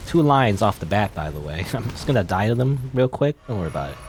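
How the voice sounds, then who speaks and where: A let's play host rambles casually while playing a game, musing aloud and cracking jokes at his own expense. His lowish voice is sing-song and fast, with a noisy background.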